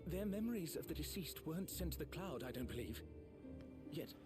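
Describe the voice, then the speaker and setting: An actor voicing a formal, unhurried man who explains things with care. His game dialogue is calm and deliberate. Loud game music plays under every word. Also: fairly high pitch, natural voice. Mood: measured. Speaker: game character. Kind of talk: voiced game cutscene dialogue.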